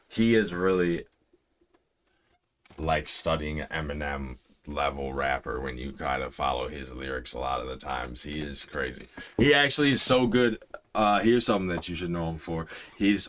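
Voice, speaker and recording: Man, young adult, deep voice, casual reaction commentary, rambling, excited explainer. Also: normal speed, a little hiss or hum. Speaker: music reaction host.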